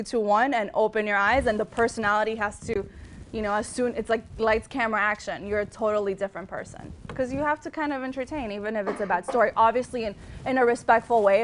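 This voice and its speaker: A woman's voice: medium pitch, a little hiss or hum. Chatty young woman with a Miami accent. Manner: chatty, frequent ums and restarts. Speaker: TV news reporter giving a guest talk. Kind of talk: casual advice talk to students.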